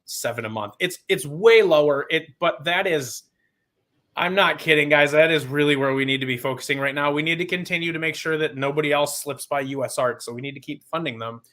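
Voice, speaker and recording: A man's voice: on the high side, a little fast, pushed and bright. A man on a podcast as a guest, talking in an impassioned, rambling and sarcastic way. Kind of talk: casual podcast chat.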